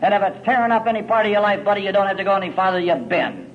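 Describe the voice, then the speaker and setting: A middle-aged man telling his story at a recovery meeting, gritty and folksy, swinging from loud to hushed. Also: high voice, very fast, lo-fi sound, slight background noise.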